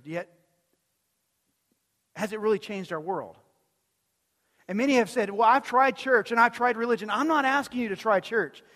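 A man's voice: high voice, fairly bright tone. A male pastor preaching a sermon in a conversational, storytelling way, often putting questions to the congregation. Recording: long hall reverb.

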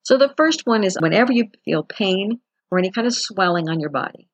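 A woman's voice: mid-range voice, expressive, fairly quick, dry recording. A woman giving a chatty, conversational self-help talk as a wellness teacher. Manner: chatty, conversational, acts out quotes with laughs.

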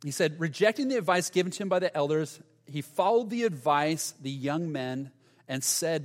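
Animated preacher in a reverberant hall. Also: male voice, on the high side, moderate pace. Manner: animated storytelling preacher, acts out quotes. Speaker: pastor. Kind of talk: sermon. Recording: long reverb of a large hall.

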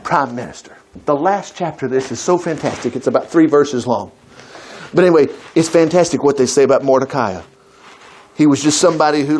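A man preaching a sermon, retelling a Bible story in a lively, chatty way and acting out the characters' lines. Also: sits high, slight background noise. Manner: animated, acting out voices, chuckling asides.

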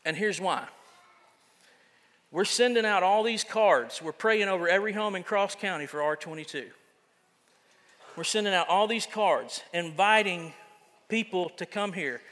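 Man pastor, high and bright, joking and chatty in the pulpit, long reverb of the sanctuary. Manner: casual, self-deprecating preaching with frequent restarts. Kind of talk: sermon.

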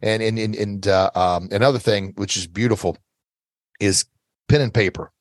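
A man's voice: fairly low pitch, fairly even intonation, moderate pace, no echo. A middle-aged man giving earnest, motivational self-defense advice as an interview guest, coaching listeners and repeating his key phrases.

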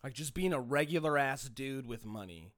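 A man ranting through a solo podcast monologue, profane and rambling, restarting his sentences often. His pitch swings up and down with lively energy. The sound is dry and close, with no room around it. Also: moderate pace, no room sound. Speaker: podcast host.

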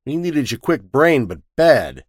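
A man's voice: mid-range voice, very animated, a little slow, breathy edge, no room sound, studio quality, pitched above the performer's own voice. A man voicing a brash, pushy male newspaper reporter who talks in slang, in a dramatic story reading.

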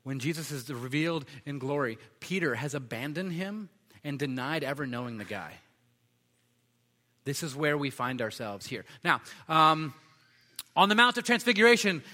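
Man preaching casually, bright voice in a hall. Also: medium pitch, normal speed. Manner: conversational, with frequent fillers and restarts. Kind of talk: sermon.

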